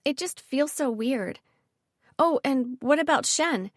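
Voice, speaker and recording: A woman's voice: high-pitched, expressive, slow, no echo, clean studio sound, voice pushed up. A woman reading an audiobook, voicing a guarded, anxious teenage girl with a lifted, earnest, hesitant delivery.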